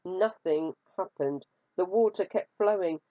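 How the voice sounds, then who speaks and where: Slow, lowish woman storyteller; storybook read-aloud, dry and slightly dull sound. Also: no room sound. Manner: expressive, drawing out words for effect.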